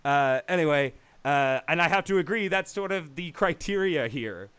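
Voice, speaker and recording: Animated man hosting a movie chat. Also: fairly high pitch, moderate pace, smooth. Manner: animated, laughing, rambling with restarts. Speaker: talk show host. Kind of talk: casual live-stream movie chat.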